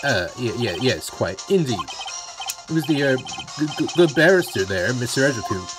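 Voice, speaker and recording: A man's voice: medium pitch, very animated, moderate pace, lightly acted. A man voicing a nervous young male hotel bellboy who stammers and speaks in a put-on foreign accent. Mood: stammering. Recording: music playing behind.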